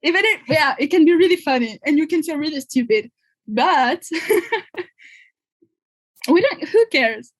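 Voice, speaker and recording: A woman's voice: sits high, animated, unhurried, long pauses. A young woman from France with a French accent, chatting casually as a podcast guest, laughing often and sometimes searching for her words. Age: 20s. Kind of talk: casual conversation.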